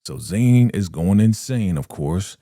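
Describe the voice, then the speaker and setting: A man's voice: low voice, animated, slow, warm tone, no room sound, clean studio sound. A man doing a casual, slangy recap of a TV episode, retelling it with animation and briefly acting out the characters' lines. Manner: slangy and conversational.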